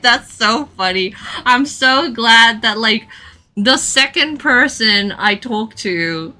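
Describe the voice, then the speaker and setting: A woman's voice: fairly high pitch, slow. A young woman chatting casually on a drawing livestream, telling stories with lots of giggles. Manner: giggly, animated storytelling with frequent laughs. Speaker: artist streaming a live drawing session.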